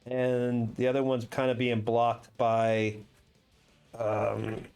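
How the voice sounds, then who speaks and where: A man's voice: mid-range voice, completely flat delivery, takes it slowly, a little mellow, clean tone, faint music behind. A man running a tabletop game as game master, casual and chatty, often correcting himself. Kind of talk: narrating a tabletop game over a video call.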